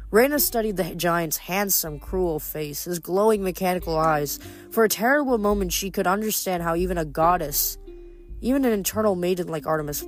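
Measured audiobook reader, faint music behind. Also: mid-range voice. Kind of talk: audiobook reading.

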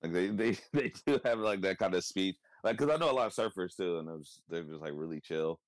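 A Californian man with a low voice chats casually, cursing freely and laughing easily. The sound is dry and close. His manner is relaxed. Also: brisk, no echo. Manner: relaxed, swearing, laughs a lot. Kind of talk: casual chat.

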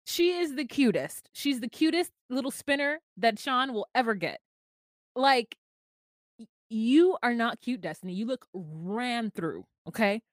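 A woman's voice: a little high, lively intonation, no room sound, studio quality. A woman co-hosting a podcast, giving a blunt, sassy recap of a reality TV episode in casual chat. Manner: sassy, blunt, quick put-downs. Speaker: podcast co-host.

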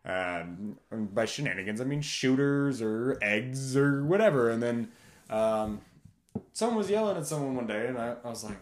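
A man guesting on a podcast, telling stories in a lively, laughing casual chat. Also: mid-range voice, moderate pace, reverberant, slight background noise. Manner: animated, laughing, shouts out catchphrases.

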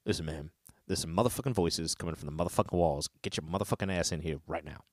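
Man putting on a rattled male pop star, cursing, insistent, low-ish voice, dry sound. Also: fast, no echo. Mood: agitated. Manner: insistent, profane, agitated.

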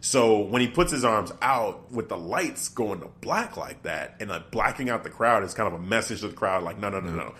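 Low-voiced man in casual chat. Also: lively intonation, moderate pace, few pauses, a bit bright. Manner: thinks aloud, breaks off and restarts sentences.

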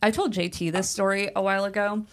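A woman's voice: medium pitch, fast. Giggly woman co-host. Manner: laughs often, relaxed with fillers. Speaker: podcast co-host. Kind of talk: casual chat mixing read facts.

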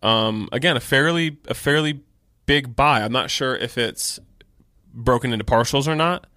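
A man's voice: medium pitch, normal speed, bright, forceful tone, dry recording, clean studio sound. A man co-hosting a podcast about his clothing shop, talking in a laid-back way, swearing freely and laughing often. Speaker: podcast co-host and shop owner. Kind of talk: casual chat.

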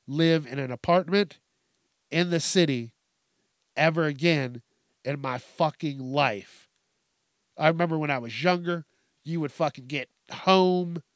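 A man's voice: fairly high pitch, dry recording, clean studio sound. Profane, rambling male comedy ranter. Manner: rambling, swears constantly, laughs at his own jokes. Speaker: podcast host.

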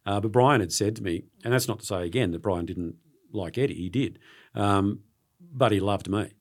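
A middle-aged Australian man, a sports journalist, is interviewed casually and tells stories in an earnest, halting way. His voice is lowish, and he often repeats words.

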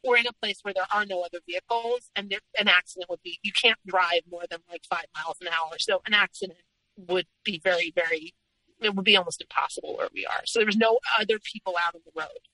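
A young adult woman recounts her own story as a podcast guest, earnest and steady, often in the present tense. Her voice is bright and forceful. The recording is close and dry, with no room sound. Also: mid-range voice, quick pace, no room sound, low-quality recording. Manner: earnest, retelling past events in present tense. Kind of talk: personal story told in conversation.

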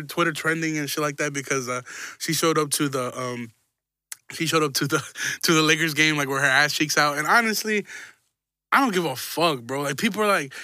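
Young male podcast host, crude rambling self-deprecating comic, bright edgy tone, dry close mic. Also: a little high, dry recording. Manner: profane, rambling, self-mocking. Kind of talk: crude comedic podcast monologue.

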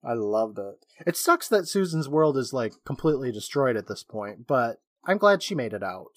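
A man's voice: medium pitch, big pitch swings, normal speed, a bit bright, no echo, clean studio sound. A man co-hosting a podcast, recapping a horror episode in casual chat and laughing often. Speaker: podcast co-host.

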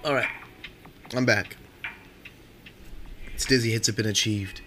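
A man's voice: fairly low pitch, fairly even intonation, a little slow, heavy background noise. A young man telling casual stories on his podcast in a rambling, profane way, filling his talk with "like". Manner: rambling and profane, heavy use of "like". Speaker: podcast storyteller.

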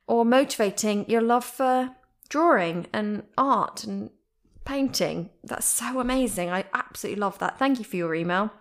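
A woman with a British accent hosting a podcast, reading listener emails aloud with bubbly, giggly asides. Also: a little high. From Britain. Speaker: podcast host. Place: at home.

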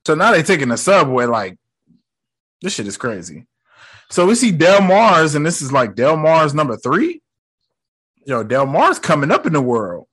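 A man's voice: a little high, wildly swooping pitch, moderate pace, fairly bright tone, breathy edge. A young man hosting a podcast, recapping a movie in casual slang and mocking the characters in quoted voices. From United States. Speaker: podcast host.

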